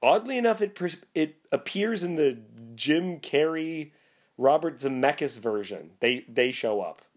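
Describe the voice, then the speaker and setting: A man's voice: fairly high pitch, measured pace. A man hosting a talk show who reads a classic story aloud, then discusses it with enthusiasm. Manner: enthusiastic, animated when discussing. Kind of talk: reading aloud and casual discussion.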